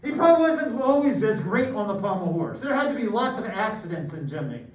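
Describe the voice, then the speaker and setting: High-voiced middle-aged math teacher. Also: male voice, brisk. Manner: animated, joking, rambling. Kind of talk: classroom lecture with stories. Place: classroom. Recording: echoey room from far off, faint noise.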